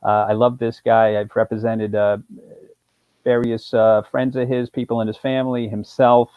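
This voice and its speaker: A man's voice: mid-range voice, normal speed, clear, resonant tone, no echo. A male attorney, telling a story on a live show and acting out both sides of a phone call. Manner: animated storyteller, acts out phone calls.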